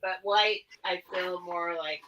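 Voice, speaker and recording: A woman hosting a live online sale, chatting excitably and teasing herself. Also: lowish voice, slow pace, rough recording. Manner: chatty, excitable, self-mocking. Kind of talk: casual live-sale chat.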